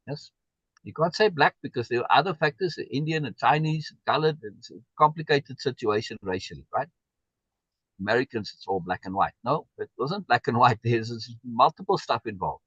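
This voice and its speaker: A man's voice: medium pitch, lively intonation, normal speed, breathy edge, dry recording, highs cut off. A man hosting a live stream, talking in an emphatic way and repeating words for stress as he answers viewer comments. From South Africa. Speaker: livestream host.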